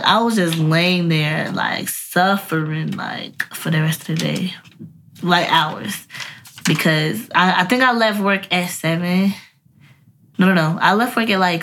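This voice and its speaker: A woman's voice: on the low side, a bit bright, a little hiss or hum. A young woman telling a rambling, profane personal story to her viewers in a casual vlog. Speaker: vlogger.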